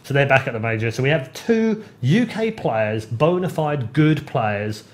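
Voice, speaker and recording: A man in casual podcast chat, telling stories with lively swings of pitch when he gets excited. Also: unhurried. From United Kingdom. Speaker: podcast host.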